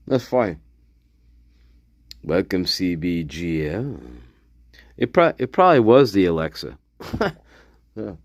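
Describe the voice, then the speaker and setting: A man's voice: deep voice, sing-song, slow pace, long pauses. A man reading testimony aloud on a livestream, commenting casually and laughing as he mocks it. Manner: wry, laughs often, reads aloud and mocks. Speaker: commentator on a true-crime case.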